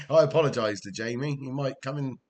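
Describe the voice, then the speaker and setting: A man's voice: mid-range voice, normal speed, a little mellow. Chatty male game streamer. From Wales. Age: older. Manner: rambling and chatty, chuckles often. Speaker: streamer playing a football management game. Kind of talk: casual live-stream chat with viewers.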